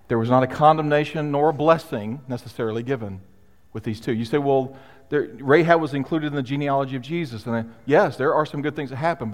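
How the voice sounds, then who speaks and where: A male pastor preaching a sermon in a conversational, emphatic way, with pauses for weight. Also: mid-range voice. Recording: long hall reverb.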